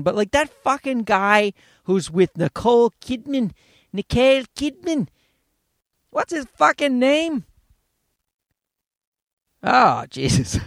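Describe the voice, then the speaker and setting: A man's voice: sits high, creaky, dry recording, clean studio sound. A man hosting a podcast, ranting in a profane, exasperated comic monologue. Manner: profane, exasperated ranting with mocking put-on voices. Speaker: podcast host.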